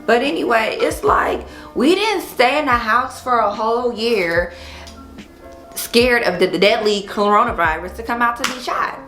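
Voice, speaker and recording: A woman hair vlogger tells an animated, chatty story while installing a wig and swears casually. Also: a little high, moderate pace, roomy sound, soft background music.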